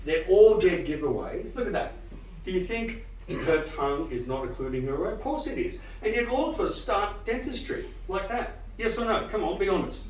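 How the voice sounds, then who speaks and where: A man giving a live lecture to dentists, animated and quizzing the audience with frequent questions. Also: sits high, moderate pace, echoey room, recorded from a distance, a little hiss or hum, poor audio. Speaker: dental lecturer.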